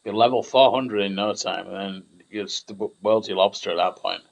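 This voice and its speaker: A man's voice: fairly low pitch, a little fast, gravelly, highs cut off. A young man rambling through casual gameplay commentary, chatty and self-mocking.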